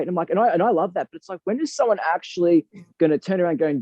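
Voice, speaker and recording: A man's voice: high-pitched, fast, warm tone, dry recording. A man speaking as a guest in an interview, earnest and heartfelt, talking in a reflective, emphatic way. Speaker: boxing coach and guest. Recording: dull lo-fi dry recording.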